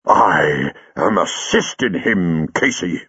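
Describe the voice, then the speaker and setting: A man voicing a pompous middle-aged theatre manager who puffs himself up and lowers his voice mysteriously. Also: animated, slow, bright, forceful tone, husky, no echo, lo-fi sound, full character voice. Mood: conspiratorial. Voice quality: pompous, conspiratorial.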